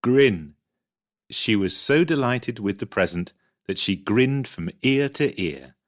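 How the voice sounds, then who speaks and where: Expressive man reading slowly. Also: mid-range voice. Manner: clear, expressive reading of examples. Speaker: textbook audio reader. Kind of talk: scripted vocabulary reading.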